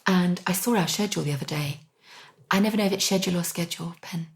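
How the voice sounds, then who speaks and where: A woman's voice: lowish voice, fast. A middle-aged woman co-hosting a podcast, talking enthusiastically in a casual kitchen-table chat with frequent "um"s. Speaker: podcast co-host.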